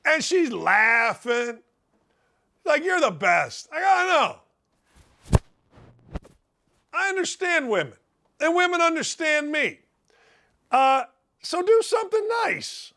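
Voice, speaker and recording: Loud folksy radio host guy, high voice that swings all over, bright and brash. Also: very animated, slow, long pauses. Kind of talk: animated opinion monologue.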